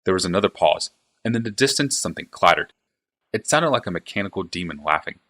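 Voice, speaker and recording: Very deep-voiced man reading a novel. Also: expressive, fast, pushed and bright. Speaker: reader, streamer. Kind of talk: reading a fantasy novel aloud.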